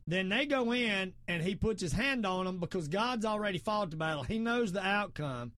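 Fervent Southern host, middle-aged, high-pitched, preaches in repeated emphatic lines. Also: male voice, expressive, moderate pace, a bit bright, no room sound, studio quality. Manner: repetitive, emphatic, quotes scripture. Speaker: podcast host. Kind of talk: fervent preachy political talk.

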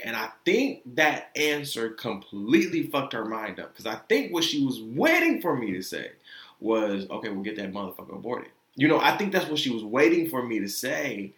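A man's voice: lowish voice, fairly bright tone. A young man telling a personal story in a loose, candid, profane way, acting out the quoted lines. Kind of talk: casual storytelling. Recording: echoey room.

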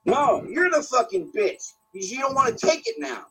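A man's voice: very high-pitched, animated, moderate pace, gravelly, sharp tone, husky, poor audio. A man in his fifties calling in, hurt and defensive, arguing back with heavy swearing. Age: 50s. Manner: emotional, defensive, cursing. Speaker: caller. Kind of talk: heated on-air argument.

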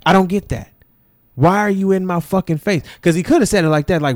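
A man hosting an opinion podcast, ranting in an animated, profane way full of slang and mocking asides. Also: sits high, brisk, no room sound, clean studio sound. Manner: mocks others in put-on voices. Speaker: podcast host.

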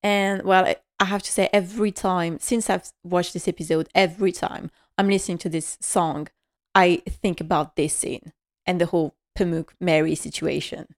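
A woman's voice: lowish voice, steady tone, normal speed, dry recording, studio quality. Chatty woman recapping a drama series. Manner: chatty, laughs often, restarts sentences. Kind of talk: casual recap chat.

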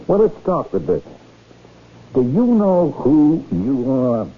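An actor in a 1970s radio drama playing a former con man who swings between slow mystical pronouncements and brash hustler banter. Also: mid-range voice, huge pitch swings, slightly rough, full character voice. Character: former con man turned strange and grandiose. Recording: tinny old radio broadcast, faint hiss.

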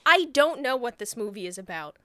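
A woman's voice: on the high side, big pitch swings, a little fast, fairly bright tone, no echo, clean studio sound. A woman co-hosting a casual podcast, retelling a film in a rambling, sweary way and laughing often. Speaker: podcast co-host.

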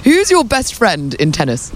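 A man interviewing a tennis player, asking questions with teasing, deadpan jokes. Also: high voice, normal speed, a little hiss or hum. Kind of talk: comedic interview.

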